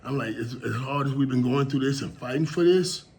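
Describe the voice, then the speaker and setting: Man, casual solo talk, rambling, emotional, mid pitch. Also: fairly quick, darkish tone. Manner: emotional, rambling, repeats words. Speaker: show host.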